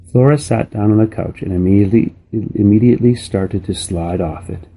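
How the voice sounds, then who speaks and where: Gravelly man reading a children's novel. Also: lowish voice. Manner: steady, unhurried storybook reading. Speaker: reader.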